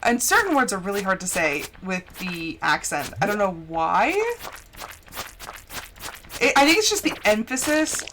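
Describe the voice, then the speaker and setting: A woman's voice: medium pitch, sing-song, normal speed, pauses often, fairly bright tone, slight background noise. An American woman streaming a video game, chatting casually and giggly, with lots of "like". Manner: chatty and giggly, heavy use of "like". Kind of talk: casual livestream chat.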